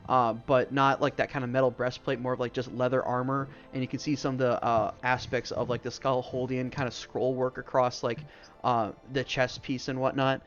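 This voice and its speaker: A man's voice: medium pitch, little pitch movement, normal speed. Rambling male game master, lo-fi. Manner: rambling, full of "like" and "um". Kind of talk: narrating a tabletop game. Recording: dull lo-fi stream audio with faint music.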